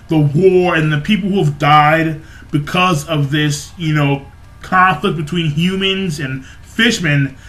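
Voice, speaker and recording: Excitable, bright-voiced young man ranting. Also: fairly high pitch. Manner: excitable, profane, laughs and exclaims often; rambling with many fillers and restarts. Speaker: manga chapter reviewer. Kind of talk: casual excited recap and commentary.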